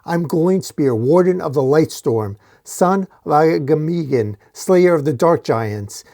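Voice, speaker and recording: A man voicing a ruthless, boastful male dwarf warlord who threatens with slow, grand declarations. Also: fairly high pitch, darkish tone.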